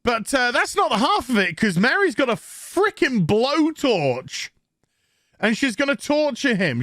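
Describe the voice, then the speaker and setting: A man's voice: extremely high pitch, very animated, unhurried, fairly bright tone, no room sound, clean studio sound. Sarcastic, swearing Yorkshire man ranting. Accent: Yorkshire English. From England. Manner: sarcastic, profane, mocking impressions. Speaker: TV show reviewer. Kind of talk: ranting review commentary.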